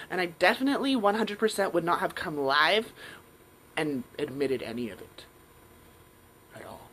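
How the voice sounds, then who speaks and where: A woman's voice: fairly low pitch, expressive, normal speed, long pauses, a bit bright, slight background noise, low-quality recording. A woman hosting a live stream, talking frankly and casually with some swearing and acting out her own inner voices. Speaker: live show host. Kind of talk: candid live-stream monologue.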